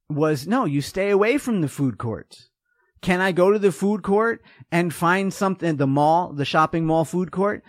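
Male podcast host, upper voice, animated and joking, dry close sound. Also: sits high, dry recording. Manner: animated, jokey, acts out voices. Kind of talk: casual chat.

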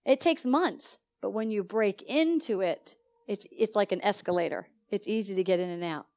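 A woman pastor teaching a sermon to her congregation in an animated, conversational way, often putting questions to the listeners. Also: medium pitch, moderate pace. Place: church service.

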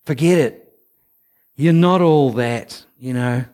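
A man giving an informal, chatty sermon, with laughing asides and a low voice for the quoted whispers. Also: slow pace, a little mellow. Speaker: preacher.

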